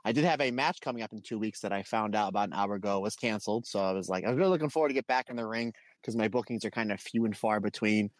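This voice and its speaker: A man's voice: fairly low pitch, racing, few pauses, no echo. A man co-hosting a podcast, joking in a friendly way and calling his co-host "my friend". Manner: jokey, friendly, calls people "my friend". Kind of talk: casual podcast chat.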